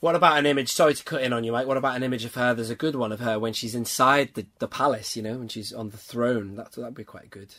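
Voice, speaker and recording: A man hosting a podcast in casual chat, talking in quick bursts and laughing often as he interrupts himself. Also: medium pitch, steady tone, a bit bright. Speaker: podcast host.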